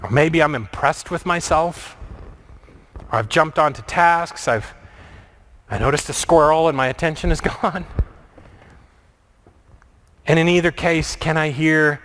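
A man preaching a reflective sermon, asking many questions and moving between lively and hushed delivery. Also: a little high, a little slow, long pauses. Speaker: pastor.

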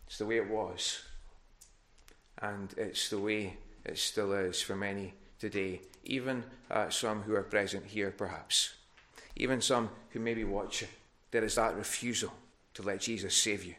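A man's voice: lowish voice, steady tone, normal speed, a bit bright. A man preaching a sermon in a church, earnest and given to restarts, rising in force on his appeals. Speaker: pastor.

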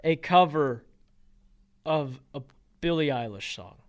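A man's voice: a little high, lively intonation, slow. A young man co-hosting a casual podcast, joking around and playfully singing bits. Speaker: podcast co-host. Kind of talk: casual chat.

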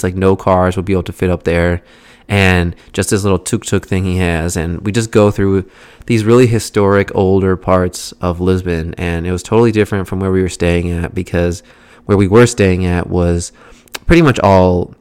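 A man with a deep voice that barely rises or falls tells a loose, rambling travel story, full of fillers and the odd curse. His voice is smooth and resonant, recorded close and dry. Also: darkish tone, no room sound. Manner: rambling, filler-heavy, profane. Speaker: vlog host. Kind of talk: casual travel recap.

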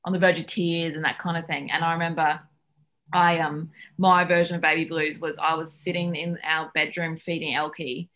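A nutritionist appears as a podcast guest, chatting casually in a low-sitting voice at normal speed. She tells lively stories in a chatty way, packed with fillers.

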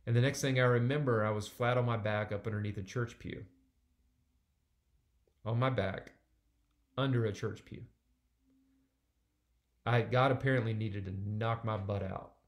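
A man's voice: on the low side, steady tone, normal speed, pauses often. A man in his forties preaching a sermon, talking conversationally and driving points home with emphatic repetition. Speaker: pastor.

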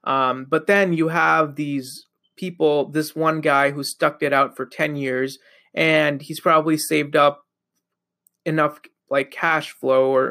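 A young man hosts his podcast alone, talking loosely and rambling with plenty of fillers. His voice sits a little high and has a gravelly, fried edge. He sounds a bit sleepy. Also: sharp tone. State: sleepy, yawning. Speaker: podcast host. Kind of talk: casual solo monologue.

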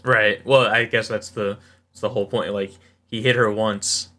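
Laid-back, low-voiced man chatting. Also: steady tone, moderate pace, pushed and bright. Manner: laid-back, chuckling interjections. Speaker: podcast co-host. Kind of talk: casual comic recap chat.

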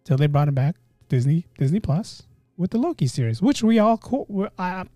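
A man hosting a casual solo podcast, talking in an animated, rambling way and often cutting himself off mid-thought. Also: sits high, moderate pace, no room sound, faint music behind. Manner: animated, rambling, self-interrupting. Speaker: podcast host.

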